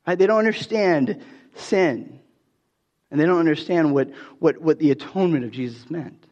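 A man delivers a conversational sermon with a fairly high voice. The sound is dull and a long reverb hangs in the hall behind him. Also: lively intonation, normal speed, long pauses. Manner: conversational storytelling, many restarts and fillers. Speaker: pastor.

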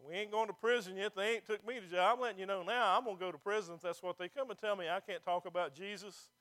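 High-voiced man preaching emphatically. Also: steady tone, quick pace, a bit bright. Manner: emphatic preaching with rhetorical questions to the congregation. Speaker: pastor. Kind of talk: sermon. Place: church with a congregation.

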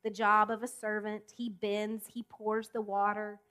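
A woman's voice: mid-range voice, monotone, sharp tone. Emphatic woman preaching a sermon. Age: adult. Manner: emphatic, with deliberate pauses and rising appeals.

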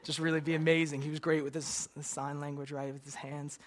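A man with a fairly high voice preaches a sermon and leads a closing prayer, speaking briskly with a flat delivery. He is earnest and direct, repeating "God" and "Lord" in prayer and often asking listeners "right?"

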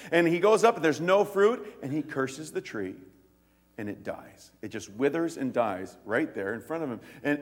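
Animated male pastor in a reverberant hall. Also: on the high side. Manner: animated storytelling, acts out voices, laughs. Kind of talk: sermon.

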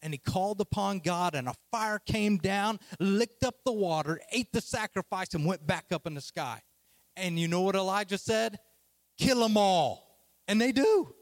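A man preaching a sermon as a lively, casual, slangy retelling of a story. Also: high voice, moderate pace, dry recording.

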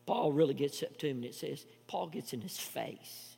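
High, gravelly-voiced man preaching in a hall. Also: unhurried. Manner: emphatic preaching with repetitions, swinging from loud to hushed. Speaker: pastor. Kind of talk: sermon.

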